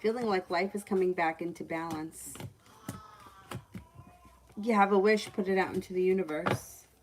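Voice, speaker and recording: Relaxed woman giving tarot readings. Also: on the low side, normal speed, a little hiss or hum, poor audio. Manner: relaxed, matter-of-fact readings with fillers. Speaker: tarot reader. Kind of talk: casual livestream reading. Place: home.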